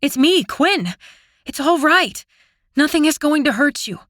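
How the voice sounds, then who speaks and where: A woman's voice: high voice, expressive, unhurried, fairly bright tone, no echo, clean studio sound, voice pushed up. A woman playing a desperate young fairy sister. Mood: desperate pleading. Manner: pleading, urgent.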